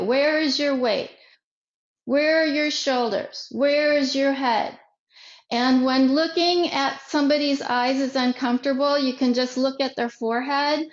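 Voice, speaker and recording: A woman leads a self-defense workshop in a slow, deliberate way, circling back and restarting her phrases. Her voice sits a little high. The recording is roomy and echoey, and the sound is dull and muffled. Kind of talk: workshop instruction. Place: online workshop.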